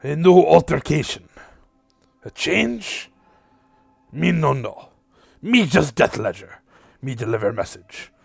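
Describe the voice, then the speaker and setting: A man voicing a small, spiky, muscular male creature messenger who speaks slow, broken English. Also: on the high side, expressive, vocal fry, breathy edge, no room sound, heavily acted. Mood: deliberate.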